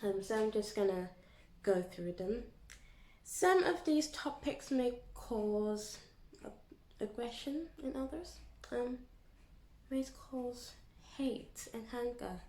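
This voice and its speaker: A young woman chatting casually to her vlog audience in an animated, storytelling way. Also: a little high, takes it slowly. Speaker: YouTuber. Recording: echoey room.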